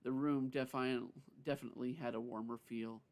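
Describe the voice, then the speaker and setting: Man storyteller, gravelly voice, unhurried reading, stumbles and self-corrections. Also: mid-range voice, steady tone, darkish tone. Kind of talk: reading a story aloud on a live stream.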